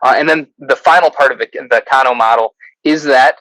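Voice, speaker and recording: A man with a Midwestern American accent, a consultant and author, explaining ideas in conversation with frequent ums and quick self-corrections. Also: mid-range voice, a bit bright, no echo, low-quality recording.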